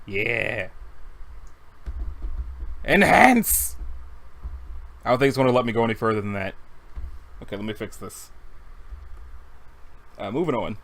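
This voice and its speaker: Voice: medium pitch, brisk, long pauses. A webcomic reader chatting casually at a computer, rambling and interrupting themself. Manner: giggly, rambling, self-interrupting. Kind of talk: casual comic read-along.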